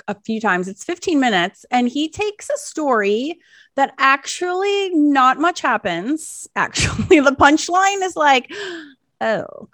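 Animated chatty woman with a lively voice. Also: high-pitched, no room sound, studio quality. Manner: animated, rambling, laughs often. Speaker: podcast co-host. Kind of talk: casual chat.

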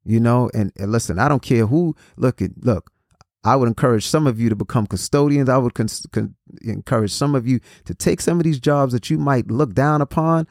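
A man's voice: medium pitch, fairly quick, a little mellow, no echo, studio quality. A man in his forties giving a motivational talk, preachy in tone, repeating phrases and restarting his sentences. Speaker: motivational speaker.

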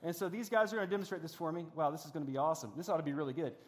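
A middle-aged man with a drawl preaches in a big church auditorium, and his fairly high voice rings out with a long reverb tail. He keeps things conversational and pokes fun at himself, often restarting his sentences. The lecture mixes with a lighthearted demonstration on stage. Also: fairly even intonation, very fast. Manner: conversational, self-deprecating humor, frequent restarts. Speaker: pastor.

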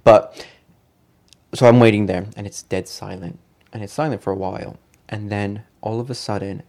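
A man, co-hosting a podcast, tells a story with animated delivery, acting out voices and laughing often. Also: on the low side, moderate pace. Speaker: podcast co-host. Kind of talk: casual chat, storytelling.

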